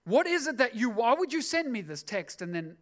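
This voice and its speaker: A man's voice: extremely high pitch, big pitch swings, brisk, a bit bright, voice pushed up, exaggerated voice. A man voicing an upset ancient king who protests he is not God. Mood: indignant.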